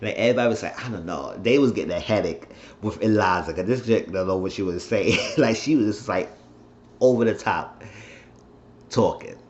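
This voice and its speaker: Rambling low-voiced man recapping a show. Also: a little fast. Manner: rambling, animated retelling with mimicked quotes. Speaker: reality show recap vlogger. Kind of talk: casual episode recap. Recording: roomy, dull lo-fi sound with faint noise.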